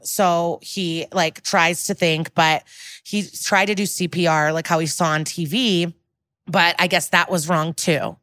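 Podcast co-host, woman, lower register, dry close mic, chatty animated recap style. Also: dry recording. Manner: animated retelling with acted quotes and casual swearing; frequent fillers like "like" and "um". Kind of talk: casual episode recap.

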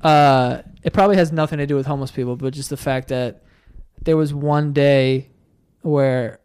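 A man's voice: medium pitch, fairly even intonation, normal speed, a little mellow, clean tone. A young man from New hosting a podcast, telling stories animatedly and swearing a lot. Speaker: podcast host. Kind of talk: casual chat.

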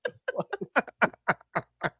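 A man's voice: extremely slow, pushed and bright, no room sound, clean studio sound. A man co-hosting a podcast in casual chat, slangy and tossing in joking asides. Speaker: podcast co-host.

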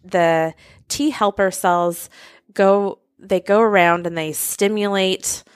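A woman's voice: mid-range voice, steady tone, slow pace, smooth, dry recording, clean studio sound. A woman co-hosting a health podcast, explaining thoughtfully with everyday analogies. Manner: thoughtful, uses everyday analogies, some restarts. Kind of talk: explanatory casual chat.

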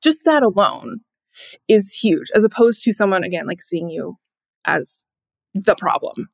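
A woman's voice: medium pitch, lively intonation, a little slow, gravelly, dry recording. A woman guesting on a podcast, talking earnestly in casual chat with lots of fillers.

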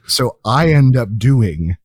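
A man's voice: medium pitch, expressive, takes it slowly, darkish tone, husky, dry recording, studio quality. A man co-hosting a podcast in casual chat, telling rambling anecdotes full of self-corrections. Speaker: podcast co-host.

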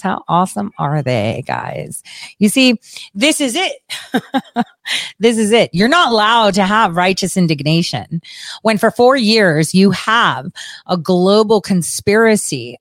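A woman's voice: fairly low pitch, no room sound. A woman giving casual political commentary, blunt and sarcastic, swearing freely and laughing often.

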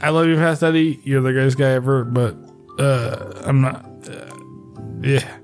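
A man's voice: mid-range voice, steady tone, normal speed, darkish tone, soft background music. A man on a podcast as a guest, playful and profane in casual banter.

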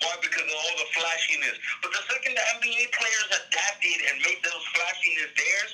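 A young man co-hosting a podcast in casual chat, slangy and animated, saying "bro" a lot. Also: fairly high pitch, fairly quick, rough recording. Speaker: podcast co-host.

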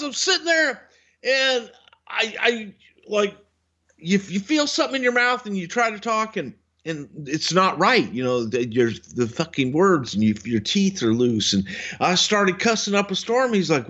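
A man co-hosting a podcast, telling stories in a casual, profane way and swinging between low grumbling and loud outbursts. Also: big pitch swings, normal speed, highs cut off. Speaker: podcast co-host, wrestling veteran.

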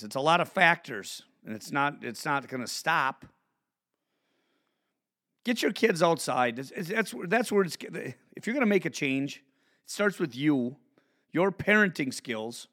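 Man, podcast host, high voice, wildly lively pitch, profane rant, mutters and shouts. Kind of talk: ranting monologue.

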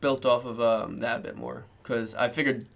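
A man's voice: medium pitch, steady tone, normal speed, creaky, a bit bright. Rambling, self-mocking male podcast co-host. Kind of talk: casual chat.

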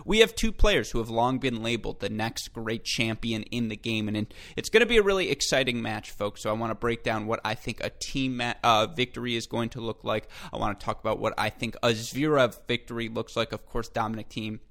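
An enthusiastic man hosting his own podcast alone, with a voice of ordinary middle pitch. He talks straight to his listeners, calls them folks, and often stops to fix a word mid-sentence. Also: fairly quick, few pauses, a bit bright. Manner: frequent self-corrections and filler. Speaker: podcast host. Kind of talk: solo tennis podcast commentary.

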